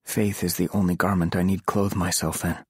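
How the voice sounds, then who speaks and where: A man's voice: sits low, flat delivery, a little fast, darkish tone, husky, no room sound, studio quality. A man reading aloud, voicing a former priest who acts as a tense, protective mentor, firm and commanding. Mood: brooding.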